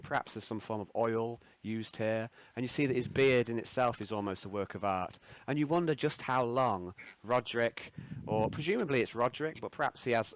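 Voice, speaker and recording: A man with a lowish voice narrates as the game master of a tabletop game. He rambles, pausing often and restarting frequently.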